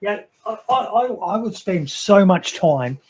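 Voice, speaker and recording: A man's voice: high-pitched, lively intonation, unhurried, a little mellow, slightly rough. A middle-aged man in casual podcast chat, rambling and swearing freely as he tells fond stories about a friend.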